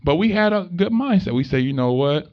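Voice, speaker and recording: Animated young man, slangy motivational talk. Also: fairly high pitch, a little fast. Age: young adult. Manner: animated, conversational storytelling with street slang. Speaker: motivational speaker. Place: room with a live student audience. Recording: dull lo-fi recording.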